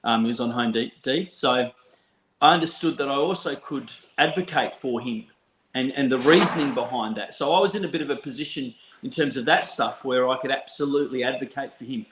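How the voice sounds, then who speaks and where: Animated Australian man in a roomy room. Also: medium pitch, brisk, slight background noise. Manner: animated, laughs often, many restarts. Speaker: counsellor, podcast guest. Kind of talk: casual storytelling chat. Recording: roomy echo.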